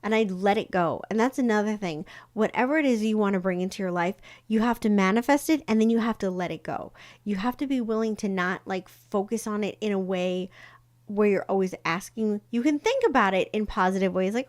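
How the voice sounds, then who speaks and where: A woman's voice: medium pitch, brisk. A woman psychic talking casually on a live stream, chatty and rambling with many fillers. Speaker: psychic tarot reader.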